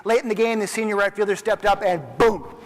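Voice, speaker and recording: A man in his forties delivering a motivational keynote, telling stories with lively energy and acting out the people in them. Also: high voice, a little fast. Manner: animated storyteller who acts out quoted dialogue. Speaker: keynote speaker. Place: large conference hall. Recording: long reverb of a big conference hall.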